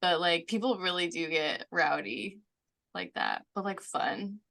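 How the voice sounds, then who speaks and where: A woman's voice: fairly low pitch, expressive, unhurried, vocal fry, fairly bright tone. A woman from the United States, a guest chatting casually, with many "like" fillers and frequent laughs. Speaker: author guest. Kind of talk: casual conversation.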